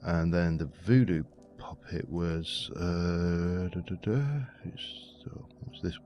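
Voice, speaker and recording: A man's voice: sits low, takes it slowly, dull audio. A man giving rambling, muttering commentary while playing a game. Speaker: let's play host. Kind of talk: casual gameplay commentary. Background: faint background music.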